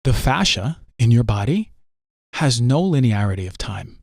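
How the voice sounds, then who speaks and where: A man from New Jersey speaks earnestly as a podcast guest in a conversational, teaching style, with a very animated mid-range voice at a moderate pace. The studio recording is dry, and his tone is a little mellow. He's emphatic, repeats phrases, and often checks in with "right?"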